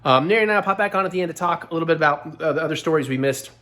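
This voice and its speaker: A hoarse, gravelly-voiced man hosting a casual vlog. He talks quickly in a slightly high register and rambles with self-deprecating asides. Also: sharp tone. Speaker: vlog host.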